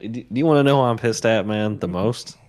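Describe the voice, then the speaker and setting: A man's voice: lowish voice, a little fast, a little mellow. A man co-hosting a casual sports chat show, ranting heatedly, swearing and repeating himself. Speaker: podcast co-host.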